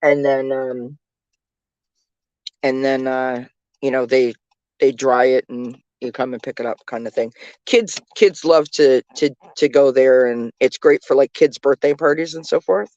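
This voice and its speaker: A woman's voice: extremely low pitch, measured pace, darkish tone, no echo, lo-fi sound. A woman chatting casually from the passenger seat of a moving car, keeping up a running commentary full of fillers. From Canada. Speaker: vlogger, tarot reader. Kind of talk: casual chat while riding in a car.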